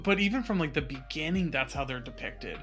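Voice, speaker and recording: A man's voice: on the high side, expressive, brisk, loud music behind the voice. A man co-hosting a casual hobby podcast, musing thoughtfully and rambling with many fillers. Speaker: podcast co-host.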